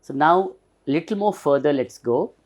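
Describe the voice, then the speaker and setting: A male teacher with an Indian English accent giving a recorded phonetics lesson, explaining slowly and repeating words to show their stress. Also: fairly high pitch, lively intonation.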